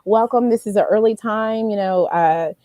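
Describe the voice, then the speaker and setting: Woman, stream host, mellow voice, dry close sound, casual rambling chat. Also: medium pitch, moderate pace, no echo. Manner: chatty, rambling, greets viewers by name.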